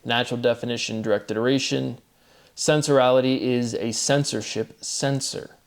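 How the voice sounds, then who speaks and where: A man giving a solo monologue of word derivations, methodical and repetitive, his voice dropping quietly at the end of each set phrase. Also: mid-range voice, steady tone, moderate pace. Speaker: host. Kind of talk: solo recorded commentary.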